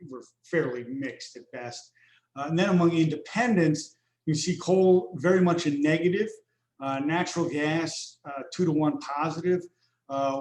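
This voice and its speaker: A man's voice: on the high side, darkish tone. A man presenting survey results on a video call webinar, walking through figures steadily with frequent fillers. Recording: roomy echo.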